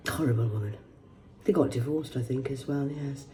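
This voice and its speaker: A woman's voice: rumbling low, moderate pace, dark tone, a little hiss or hum. A woman, reading news headlines aloud in a rambling vlog, swearing heavily and adding mocking asides. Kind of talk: rambling livestream commentary.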